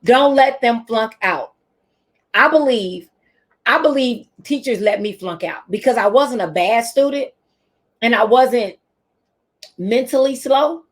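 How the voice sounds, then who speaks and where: A woman's voice: a little high, animated, a little slow, long pauses. A middle-aged woman teacher and speaker giving a motivational talk to teachers, telling stories and repeating her key phrases.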